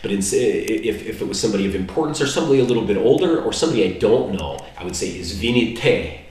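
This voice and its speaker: Low-voiced man teaching simple phrases in a relaxed ramble, recorded from across an echoey room. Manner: relaxed, rambling, slows down to spell out foreign words. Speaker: language learner teaching basic phrases. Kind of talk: casual vlog lesson. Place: indoor room in Serbia. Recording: very echoey room, mic far off.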